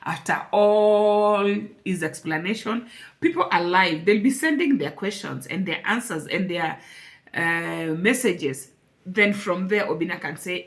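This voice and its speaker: A woman's voice: fairly low pitch, lively intonation, a little slow. A woman speaking to camera in an emotional personal vlog, earnest and repeating phrases for emphasis. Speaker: vlogger.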